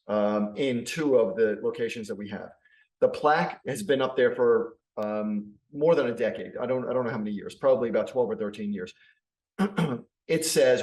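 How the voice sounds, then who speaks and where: A man's voice: medium pitch, darkish tone. A man in a casual conversation who talks hesitantly, often stopping and starting over. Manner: hesitant, many fillers and restarts. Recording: roomy echo.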